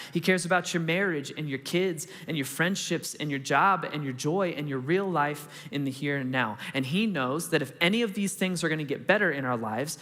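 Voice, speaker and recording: A man's voice: on the high side, fairly bright tone, long reverb tail. A man preaching a sermon as pastor, earnest and conversational, in a large church auditorium.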